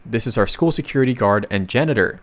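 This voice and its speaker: A man's voice: medium pitch, expressive, fast. Chatty man narrating a comic recap. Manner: chatty, reads dialogue aloud with asides.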